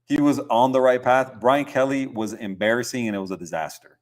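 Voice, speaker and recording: A young man hosting a podcast, talking football in a relaxed, rambling way with lots of fillers and easy laughs. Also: mid-range voice, brisk. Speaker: podcast host. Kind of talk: casual sports chat.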